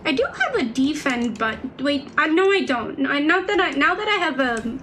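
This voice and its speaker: A woman's voice: high-pitched, very animated, moderate pace, music in the background, low-quality recording. A young woman streaming a game, chatting casually and rambling with lots of fillers and restarts. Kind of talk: casual gameplay stream chat.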